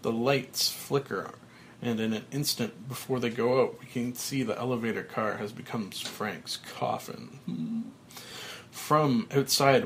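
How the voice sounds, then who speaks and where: Guy reading a movie script out loud, slow and steady, plain mid voice. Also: medium pitch, vocal fry, a little hiss or hum. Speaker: script reader. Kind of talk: reading a film script aloud.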